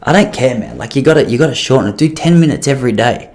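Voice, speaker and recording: A man's voice: mid-range voice, expressive, fast, a little mellow, voice pushed down, close to an everyday voice. A man voicing a blunt, laid-back young male friend who talks in offhand slang. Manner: mumbled, offhand, calls everyone bro.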